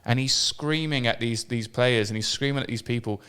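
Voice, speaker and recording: A British man co-hosting a podcast, telling profane, animated anecdotes in casual chat. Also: medium pitch, normal speed, clean tone. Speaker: podcast co-host.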